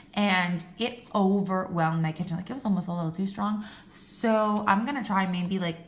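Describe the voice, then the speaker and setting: A woman's voice: medium pitch, a bit bright, roomy sound, a little hiss or hum. A woman vlogger chatting casually about home fragrance, swearing now and then and laughing at herself. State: voice cracking. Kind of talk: casual chat.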